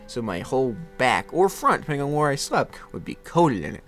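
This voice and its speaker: A man's voice: fairly high pitch, sing-song, fairly quick, few pauses, soft background music. A man in his twenties telling a candid personal story about his childhood, laughing at himself often and restarting his sentences. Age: 20s. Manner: self-deprecating, laughs often, many restarts. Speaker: podcast host.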